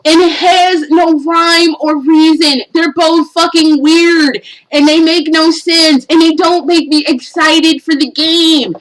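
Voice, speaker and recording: A woman vlogger ranting in a blunt, profane, animated way. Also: very high-pitched, slow pace, few pauses, rough recording. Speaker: gaming vlogger. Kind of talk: casual rant.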